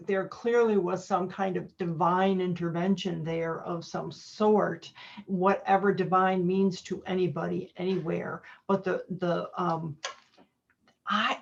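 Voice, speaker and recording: A woman's voice: lowish voice, takes it slowly, creaky, lo-fi sound, a little hiss or hum. A woman hosting an online interview, encouraging her guest with frequent affirmations and reflective remarks. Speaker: interview host. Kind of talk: casual interview chat. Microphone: video call.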